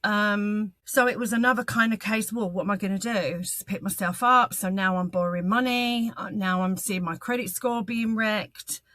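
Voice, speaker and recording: A woman, telling her own story as an interview guest in a halting, earnest way, with frequent ums and restarts. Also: mid-range voice, fairly even intonation, a bit bright, dry recording. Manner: earnest and candid. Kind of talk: personal testimony in an interview.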